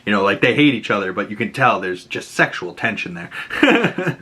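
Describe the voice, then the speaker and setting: A man's voice: fairly low pitch, very animated, moderate pace, sharp tone, husky. A man hosting a casual recap and reaction to a TV episode, loose and chatty, with frequent fillers and swearing. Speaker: show reviewer and host.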